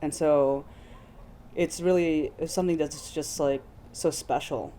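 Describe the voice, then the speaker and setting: A woman's voice: deep voice, steady tone, measured pace, warm tone, slight background noise. A woman speaking as a guest on a podcast, effusive and emotional, laughing often as she talks. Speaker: guest producer. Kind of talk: casual podcast conversation.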